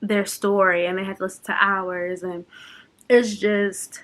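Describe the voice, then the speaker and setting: Speaking a little slowly with a sharp tone, fairly even intonation and a fairly high pitch, a young woman talks unscripted in her personal vlog. She is open and emotional, sometimes laughing and sometimes holding back tears.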